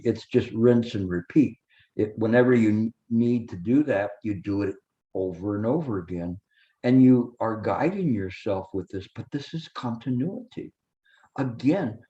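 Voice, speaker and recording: Slow, earnest male meditation teacher. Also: mid-range voice, warm tone. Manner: earnest, repetitive and coaxing. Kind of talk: dharma talk. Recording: dull lo-fi recording.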